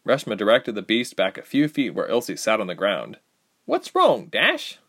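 A man narrating a fantasy audiobook with expressive storytelling. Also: lowish voice, a little fast. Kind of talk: scripted narration.

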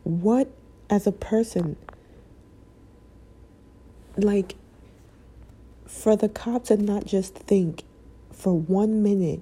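Upset woman venting to camera, slow halting talk, really dark tone. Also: mid-range voice, slightly rough. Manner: halting, impassioned, breaking off mid-sentence. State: emotional, close to tears. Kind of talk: emotional personal vlog.

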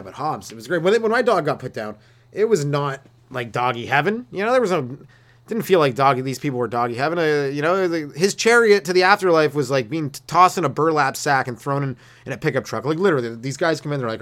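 A male comedian hosting a solo podcast, rambling and cursing through a loose rant, laughing at his own jokes and slipping into quick mock voices. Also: medium pitch, lively intonation, a bit bright. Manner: slips into quick mock voices for quoted people.

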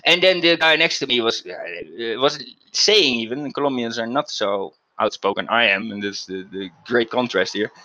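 A man's voice: mid-range voice, animated, normal speed, hardly any pauses, sharp tone, dull audio. A man hosting a podcast, telling a story in a casual, emphatic way with frequent restarts. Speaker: podcast host.

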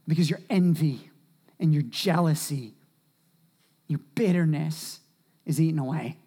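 Male pastor, sermon delivery, very animated, wide swings from shouting to near-whisper. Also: a little high, a little slow, husky.

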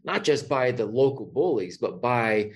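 A man's voice: mid-range voice, expressive, a little slow, slightly rough. A man hosting a podcast interview, reflective and searching for words as he asks questions. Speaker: podcast host. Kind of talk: interview conversation.

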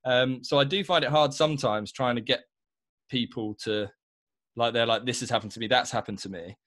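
A man's voice: mid-range voice, fairly quick, a bit bright, no room sound. A young man, a podcast guest, chatting casually with lots of likes and you-knows. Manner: chatty, says like and you know a lot. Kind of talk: casual chat.

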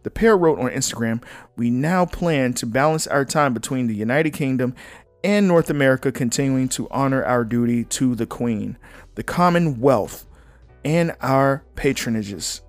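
A man's voice: mid-range voice, expressive, moderate pace, dry recording, faint music behind. A young man hosting a podcast alone, talking casually and bluntly, reading news articles aloud and breaking in with his own opinions. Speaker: podcast host. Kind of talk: casual solo commentary.

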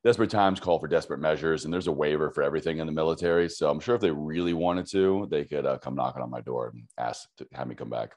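A man, an army veteran and podcaster, telling his story in a relaxed, chatty interview with frequent fillers. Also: a bass voice, quick pace, hardly any pauses.

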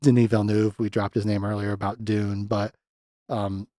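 A man hosting a podcast, chatting loosely about a movie with lots of restarts and animated asides. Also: on the low side, normal speed, no echo, studio quality. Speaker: podcast host. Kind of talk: casual film discussion.

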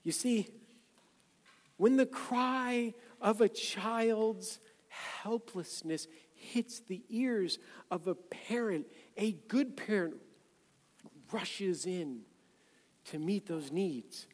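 A man preaching a sermon as a pastor, conversational and then loud and emphatic. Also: sits high, drawn-out words. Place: church sanctuary. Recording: echoey hall, long reverb.

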